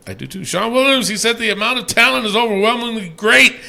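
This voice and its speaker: With an extremely high, creaky voice and fast delivery, a podcast co-host reads listener ratings in a loose, profane style that lurches from mumbling to yelling.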